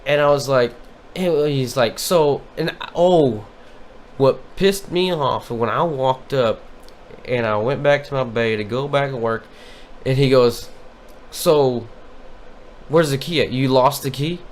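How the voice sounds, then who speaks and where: A man's voice: mid-range voice, measured pace, slight background noise. A man co-hosting a casual podcast, telling a profane, exasperated story about a coworker. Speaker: podcast co-host. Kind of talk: casual chat.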